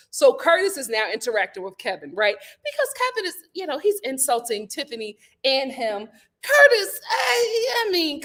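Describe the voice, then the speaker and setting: A woman with a bright, high voice that leaps all over the place as she recaps a reality show. She tells the scenes dramatically, chats casually with her viewers and acts out what the people on screen said. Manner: animated, dramatic retelling with gasps and playful acted-out quotes. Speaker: host of a reality TV review show. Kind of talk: casual recap to a live audience.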